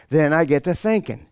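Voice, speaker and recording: A man's voice: a little high, clean tone, no echo. Middle-aged guy on stage telling his story, playful and self-mocking, dry close sound. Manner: animated, self-mocking, acts out dialogue. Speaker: motivational speaker. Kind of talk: storytelling presentation to an audience.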